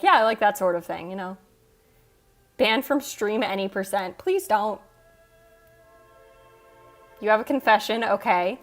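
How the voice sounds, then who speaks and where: A woman hosting a casual livestream, reading chat aloud and teasing viewers with frequent laughs. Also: mid-range voice. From United States. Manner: teasing, quick, laughs often. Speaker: livestream host. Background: soft background music.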